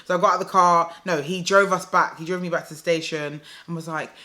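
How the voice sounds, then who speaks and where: Chatty young woman, bright voice. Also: on the low side, fairly quick. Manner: chatty, fills speech with "like", addresses viewers as "guys". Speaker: vlogger. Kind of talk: casual storytelling to camera.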